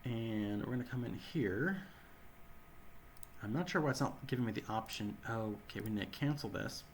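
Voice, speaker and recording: Hoarse man narrating gameplay. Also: medium pitch, normal speed, slight background noise. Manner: rambling, self-correcting. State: hoarse, sore throat. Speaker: game channel host. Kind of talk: gameplay commentary.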